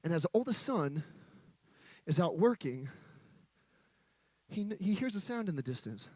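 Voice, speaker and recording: A man gives a playful, chatty sermon from a stage and banters with his audience. His voice sits high and comes across close and dry, with no room echo. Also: very animated, unhurried, a little mellow. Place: stage before a live audience.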